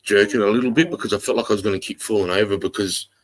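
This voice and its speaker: Deep-voiced Australian man, rambling and profane. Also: very fast. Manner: rambling, profane, animated retelling. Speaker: livestream host. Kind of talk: casual storytelling on a livestream.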